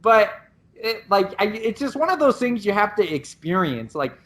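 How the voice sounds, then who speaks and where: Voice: mid-range voice, sing-song, normal speed, a bit bright. A podcast co-host and Muay Thai coach, explaining things in a casual way with many restarts. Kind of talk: casual chat.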